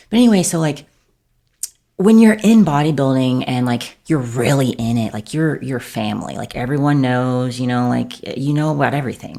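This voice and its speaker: A woman's voice: very deep voice, vocal fry, a little mellow. A woman speaking as a podcast guest, telling a personal story candidly in a rambling way, filling her phrases with "like". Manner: rambling, fills every phrase with "like".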